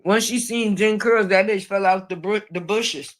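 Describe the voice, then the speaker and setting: A woman's voice: mid-range voice, fairly even intonation, moderate pace. A middle-aged woman giving casual live-stream commentary, brash and profane, laughing often at her own jokes.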